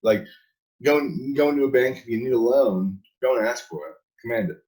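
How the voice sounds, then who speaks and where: A man's voice: mid-range voice, normal speed, a little mellow, poor audio. A man talking as a guest in a casual interview, emphatic, repeating and restarting his words, laughing between points.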